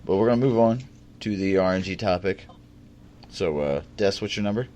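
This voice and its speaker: A man's voice: low-pitched, a little fast, a little mellow, muffled recording, a little hiss or hum. A man hosting a casual gaming podcast, joking and swearing while steering the topics. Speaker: podcast host.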